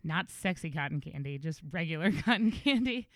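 A woman's voice: deep voice, lively intonation, moderate pace, no room sound, studio quality. A woman chatting casually as a podcast co-host, rambling through stories with frequent giggles. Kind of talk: casual chat.

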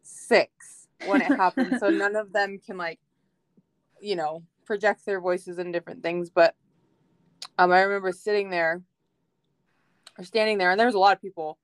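Heartfelt woman with a smooth voice. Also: medium pitch, normal speed, pauses often, no echo. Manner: emotional, heartfelt storytelling with many fillers. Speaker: podcast guest. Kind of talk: casual faith podcast chat.

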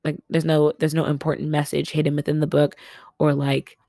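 A young woman from Los Angeles chats through her solo podcast at her family home. Her voice sits low, and she laughs often and breaks into loud exclamations. The sound is close and dry. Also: monotone, brisk, no echo. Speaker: podcast host. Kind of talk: casual solo podcast chat.

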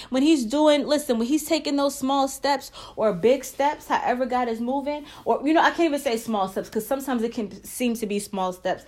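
A woman hosting a casual faith talk, earnest and encouraging, who breaks into short prayers as she speaks. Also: on the high side. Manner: earnest, encouraging, prays aloud mid-talk. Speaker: faith and marriage podcast host.

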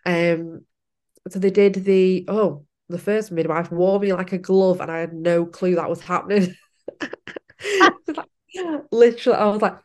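A young woman tells a personal story in a relaxed interview. Her voice sits a little low, and she talks in a chatty way, laughing often. She acts out what she and others said at the time. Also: a little slow. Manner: chatty, laughing often, acting out her own past lines. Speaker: podcast guest.

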